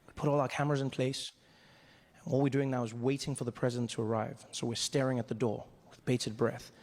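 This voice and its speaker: A man from Africa telling a story on stage as a stand-up comedian, animated and acting out scenes. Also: mid-range voice, a little fast.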